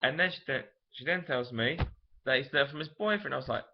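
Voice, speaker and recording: A man's voice: mid-range voice, fairly quick. A young man, telling a personal story to camera in a frank, emotional, rambling way. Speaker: vlogger. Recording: dull lo-fi camera audio.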